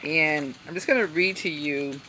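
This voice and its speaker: A motivational self-help speaker films herself with a hand-held camera at arm's length, giving an earnest, encouraging talk while reading from a book, full of ums and small asides. Her voice is low, bright and forceful at normal speed. Faint crickets chirp amid slight background noise.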